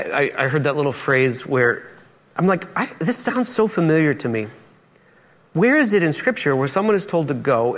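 A man's voice: mid-range voice, fairly bright tone. A male pastor preaching a sermon in a church, playful and acting out Bible dialogue in different voices.

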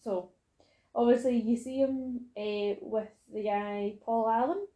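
Woman, casual chat, mellow dark voice, echoey room. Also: fairly high pitch, fairly even intonation, slow pace. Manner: chatty, laughs often, acts out quotes.

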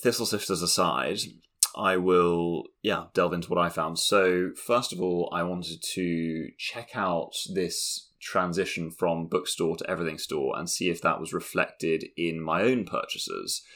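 A man's voice: sits low, a little slow, a bit bright. A man in his thirties co-hosting a podcast, making dry, wry remarks in casual chat. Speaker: podcast co-host.

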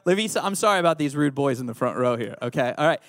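A man's voice: medium pitch, animated, fast talker, dry recording, studio quality. A man preaching a youth sermon, playful and teasing the audience. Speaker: youth pastor.

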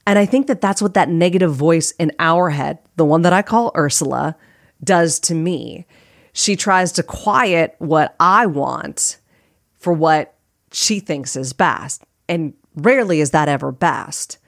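A woman's voice: deep voice, measured pace, vocal fry, dry recording, studio quality. A woman hosting her own podcast as a life coach, talking earnestly and casually, often repeating phrases for emphasis. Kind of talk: casual solo podcast talk.

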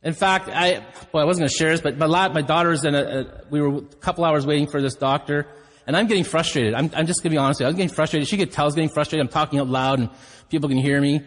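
A man's voice: fairly high pitch, fairly even intonation, quick pace. Candid male pastor in a reverberant hall. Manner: storytelling, candid and self-deprecating. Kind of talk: sermon. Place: church hall.

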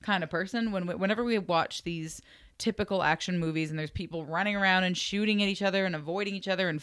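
A woman's voice: lowish voice, dry recording, studio quality. A young woman co-hosting a casual movie review chat, gushing with lots of restarts. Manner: effusive, gushing, many restarts. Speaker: podcast co-host.

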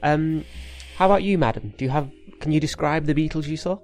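A man's voice: a little high, a little fast, a little mellow, faint music behind. A man in a casual tabletop role-playing game, pedantic as he questions other characters. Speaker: player.

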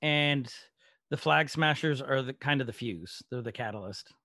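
A man co-hosting a casual TV-show podcast, talking in an animated way and laughing often. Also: mid-range voice, normal speed, no room sound, studio quality. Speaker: podcast co-host. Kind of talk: casual chat.

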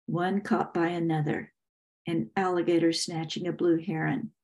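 An older woman from Texas, an author reading her own novel aloud in measured, first-person audiobook narration. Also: on the low side, flat delivery, darkish tone.

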